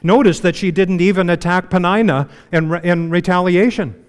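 A man's voice: high voice, normal speed, clear, resonant tone. Man preaching in a reverberant church. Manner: conversational preaching with frequent you-knows, dropping to a hush for emphasis. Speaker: pastor. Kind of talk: sermon.

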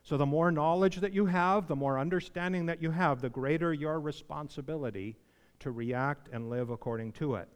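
Heard in a long hall reverb, this male preacher has a slightly high, clear, resonant voice and a moderate pace. He delivers his sermon conversationally, asks the congregation questions, and grows emphatic and pleading when speaking as other people.

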